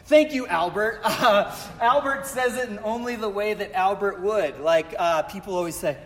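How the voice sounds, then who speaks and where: A man with a high voice preaches to his congregation, a pastor who keeps things loose with jokes and self-deprecating asides. His words trail off into the long reverb of a large church sanctuary. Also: normal speed, a bit bright. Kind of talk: casual humorous sermon.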